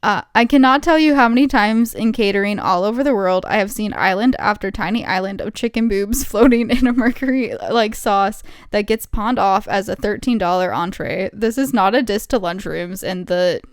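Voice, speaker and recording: A woman's voice: medium pitch, moderate pace, few pauses, smooth, no echo, clean studio sound. A woman co-hosting a podcast, chatting casually and reading out lists with mock drama and giggles. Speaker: podcast co-host. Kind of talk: casual chat, reading aloud.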